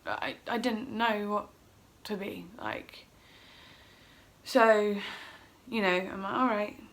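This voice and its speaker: A woman's voice: mid-range voice, lively intonation, slow, a bit bright. A middle-aged woman at home, telling a personal story in a casual, emotional, rambling way and acting out her own quotes. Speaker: vlogger.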